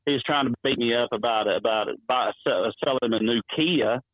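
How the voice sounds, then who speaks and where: A wrestling promoter, telling stories in a rambling, chuckling way while calling in to an interview. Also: male voice, medium pitch, brisk, no room sound. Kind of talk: phone-in interview storytelling. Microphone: phone. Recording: tinny dry phone line.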